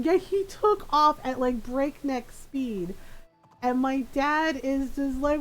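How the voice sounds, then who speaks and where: Woman streamer, casual storyteller, mid-high voice, animated, acts out quotes; soft music bed. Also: slow pace, low-quality recording.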